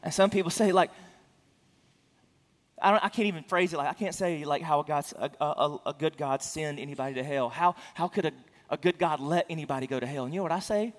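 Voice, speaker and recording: High-voiced earnest male preacher, reverberant hall. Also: a little fast. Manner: earnest, with frequent restarts and stammered repeats; rises in pitch and volume for emphasis. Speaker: pastor. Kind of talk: sermon.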